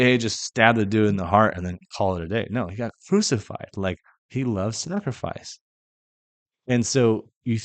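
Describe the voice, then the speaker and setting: A young man hosting a casual faith podcast monologue, impassioned and blunt, swearing freely and swinging between loud emphasis and quiet asides. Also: mid-range voice, no echo. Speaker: podcast host.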